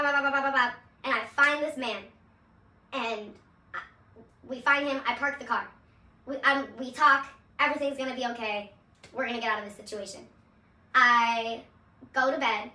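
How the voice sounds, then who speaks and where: High bright-voiced young woman in an echoey room. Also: distant mic. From Seattle, USA. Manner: candid, swears freely, laughs often. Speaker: vlogger. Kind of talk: personal testimony storytelling. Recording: echoey room, voice away from the mic.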